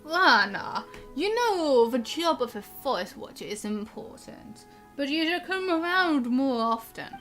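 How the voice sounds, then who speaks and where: A kindly old village grandfather fusses over his wandering granddaughter, as a woman streamer puts on a deeper old man voice. He talks slowly and warmly, his pitch rolling up and down. Clear game music plays underneath. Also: sing-song, exaggerated voice. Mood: fatherly. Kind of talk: reading game dialogue aloud in character.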